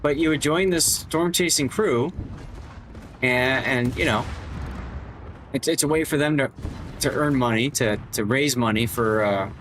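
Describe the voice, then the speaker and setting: A man's voice: mid-range voice, measured pace, long pauses, a bit bright, slight background noise. A man streaming a game live, chatting casually and joking with his viewers. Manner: chatty, jokey, greets chat. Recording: game gunfire sounds behind.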